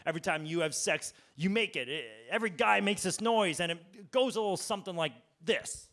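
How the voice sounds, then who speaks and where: A male stand-up comedian talking casually on a comedy club stage with deadpan asides. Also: high-pitched, fairly quick.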